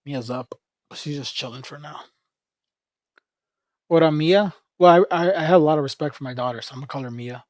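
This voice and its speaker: A man's voice: a little high, brisk, pauses often, no room sound, studio quality. A man livestreaming in a casual, rambling chat, joking with viewers, laughing often and calling people "bro".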